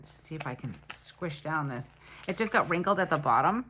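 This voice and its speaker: A woman's voice: low voice, lively intonation, normal speed, sharp tone, a little hiss or hum. A woman planner vlogger chatting casually as she walks through each crafting step and laughs off her small mistakes. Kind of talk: casual crafting tutorial chat.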